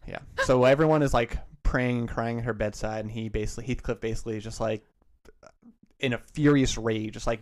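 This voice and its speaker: A man's voice: medium pitch, fairly even intonation, brisk. Casual co-host, man, mid-range voice, loose rambling retelling. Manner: loose retelling full of "like" and restarts. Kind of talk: casual chat.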